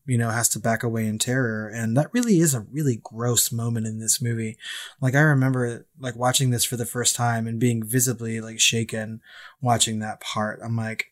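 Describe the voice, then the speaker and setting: A young man co-hosting a podcast, chatting casually about a film with frequent laughs and swearing. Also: mid-range voice. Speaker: podcast co-host.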